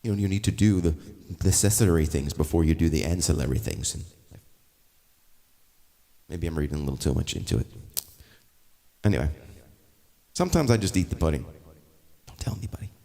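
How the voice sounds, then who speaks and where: A male musician with a very deep, gravelly, mellow voice chats casually and rambles between songs on a livestream, taking requests. He talks fairly quickly but expressively, pausing often, and the audio has long reverb with a faint guitar underneath.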